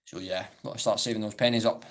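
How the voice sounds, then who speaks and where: A man's voice: on the low side, fairly even intonation, fast talker. A Scottish man in his twenties chatting casually on a live-stream Q&A, rambling and saying "like" a lot.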